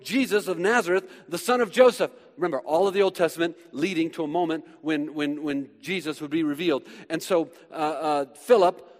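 A man preaching a lively sermon as pastor, acting out quoted voices and swinging between loud emphasis and quiet asides. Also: high-pitched. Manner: acts out quoted voices of Bible figures. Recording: hall reverb, live preaching.

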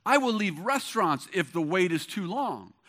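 A man's voice: sits high, big pitch swings, moderate pace, sharp tone. A middle-aged man preaching a sermon as pastor, with an emphatic, repetitive cadence.

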